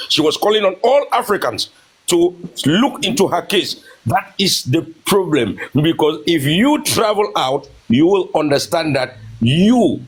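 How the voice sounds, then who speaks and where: Husky guy on a group call, preaching at people, says stuff twice, swings his pitch a lot. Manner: emphatic, repeats his points. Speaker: caller in an online group talk. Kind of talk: impassioned lecture.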